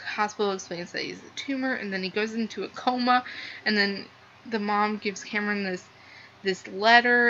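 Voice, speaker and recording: Young woman, bright tense voice, rambling book chat, dull lo-fi recording with faint hiss. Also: mid-range voice. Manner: gushing, rambling, heavy use of "like". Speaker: book reviewer. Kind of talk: casual book review vlog. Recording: slightly dull lo-fi sound with faint noise.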